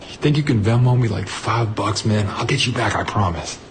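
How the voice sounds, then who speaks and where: A man's voice: on the low side, a little fast, a little hiss or hum, natural voice. A man playing a slangy, boastful young crypto bro who ends up broke and pleading. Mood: bragging.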